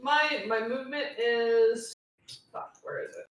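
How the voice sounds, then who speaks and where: A woman's voice: a little high, steady tone, unhurried. Woman playing a tabletop game, distant echo. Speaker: player. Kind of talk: casual game chat.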